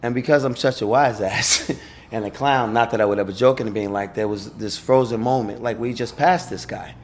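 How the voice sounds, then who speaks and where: A middle-aged man with a New York accent, a former police officer, telling a story in halting conversation full of fillers and restarts. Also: mid-range voice, steady tone.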